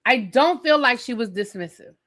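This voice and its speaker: A woman's voice: on the high side, animated, moderate pace, fairly bright tone. A woman hosting a live stream who reviews a TV episode in an opinionated, sassy rant and talks straight to her viewers.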